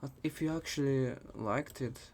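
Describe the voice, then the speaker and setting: A man's voice: medium pitch, moderate pace, a little mellow, slight background noise. A young man with a Russian accent, talking through code in a live programming tutorial with dry joking asides. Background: keyboard typing.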